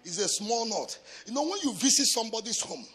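A man from Africa preaching a sermon as a pastor, shouting in a sing-song chant with bursts of speaking in tongues. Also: high voice, sing-song, a little fast, slightly rough. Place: church.

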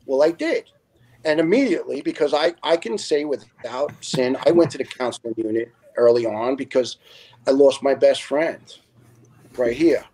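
A man's voice: mid-range voice, normal speed, breathy edge. A man in his fifties, a retired fire lieutenant, telling his story as a podcast guest in a blunt, earnest way and acting out the dialogue. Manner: animated, acts out quoted dialogue. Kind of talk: emotional first-person storytelling on a podcast.

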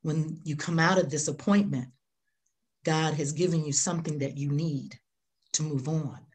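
A woman's voice: deep voice, fairly even intonation, moderate pace, darkish tone. A middle-aged woman pastor preaching a sermon, earnest, repeating key phrases for emphasis.

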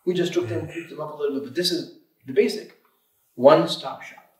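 A man's voice: a little high, a little fast. Guy in his 30s, shop owner on a podcast, keeps repeating and restarting, echoey room. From Michigan, USA. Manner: emphatic, repeats words, restarts often. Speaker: auto repair shop owner, guest. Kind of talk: casual podcast interview. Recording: roomy room, distant mic.

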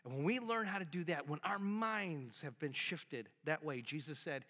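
A man preaching a sermon as a pastor, animated and conversational, acting out little quotes as he goes. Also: a little high, normal speed, hardly any pauses. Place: church sanctuary. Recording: long hall reverb in a church.

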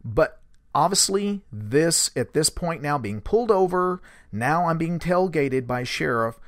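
A man casually retells a source's encounter as host, in a relaxed, rambling way with fillers and lively quoted speech. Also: a little high, a little slow, no room sound, studio quality. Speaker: host recounting a source's story. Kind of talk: conversational storytelling.

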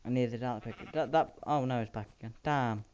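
A man's voice: medium pitch, normal speed. Rambling man narrating his gameplay. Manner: rambling, self-mocking, playful sound effects. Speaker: Minecraft let's player. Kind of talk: casual gameplay commentary. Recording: dull lo-fi home mic with faint hiss.

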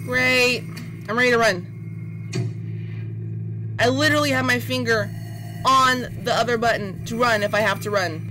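A woman's voice: on the high side, normal speed, long pauses, low-quality recording. A woman commenting on her own horror game play, panicky and nervously repeating words. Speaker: gamer playing a horror game. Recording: game music playing behind.

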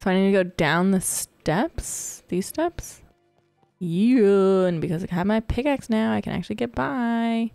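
A bubbly, excitable woman talks through a cozy game, her voice laced with gravelly vocal fry. The recording is dry and close, with faint game music underneath. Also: medium pitch, a little slow, dry recording. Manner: bubbly and excitable, squealing little cheers. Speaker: gaming channel host. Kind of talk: casual let's-play commentary.

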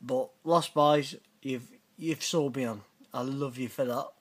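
A man's voice: mid-range voice, steady tone, measured pace, faint music behind. A middle-aged British man hosting a casual reaction video, blunt and sweary with teasing banter. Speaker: channel host reacting to viewer messages.

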